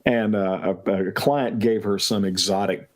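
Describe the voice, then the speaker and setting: A man's voice: lowish voice, fairly even intonation, measured pace. A man in casual chat, telling long rambling family anecdotes as a guest on a talk stream.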